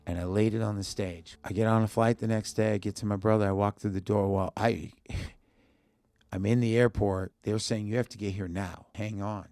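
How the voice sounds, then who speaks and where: A man with a very deep, gravelly voice tells a personal story as a guest in a podcast studio. He talks in short bursts, acting out the lines of the people in his story, and his rough low tone sits close to a studio mic. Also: steady tone, normal speed, mellow, dry recording, faint music behind. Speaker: musician guest. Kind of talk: emotional personal storytelling in an interview.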